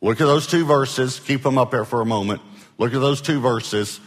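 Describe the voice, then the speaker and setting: A man's voice: mid-range voice, normal speed. Man preaching, conversational, in a reverberant hall. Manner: conversational preaching, prompts the congregation to answer. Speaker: pastor. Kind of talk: sermon.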